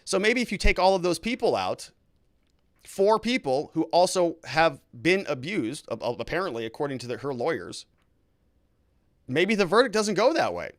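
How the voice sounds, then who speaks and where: A man's voice: on the high side, sing-song, normal speed, dry recording. A man, a lawyer, hosting a casual livestream, talking through legal news and reading viewer comments in a conversational, hedging way.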